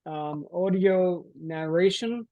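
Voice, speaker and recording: An older man hosts a podcast over a video call, his voice a little higher than most men's. He talks in a friendly, rambling way with many pauses and fillers. The sound is dry and close. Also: dry recording, narrow, tinny audio. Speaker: podcast host. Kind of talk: casual interview chat.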